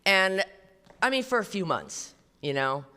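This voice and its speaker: A woman's voice: medium pitch, very animated, measured pace, sharp tone. Blunt, profane woman speaker in a hall. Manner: blunt, profane, conversational storytelling. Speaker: recovery meeting speaker. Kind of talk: personal testimony talk. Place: meeting hall before an audience. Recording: reverberant live hall.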